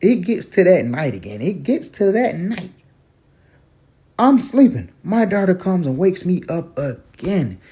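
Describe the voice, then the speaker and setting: A man telling a funny family story in a casual, animated way, sometimes dropping into low mumbled asides. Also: a little slow.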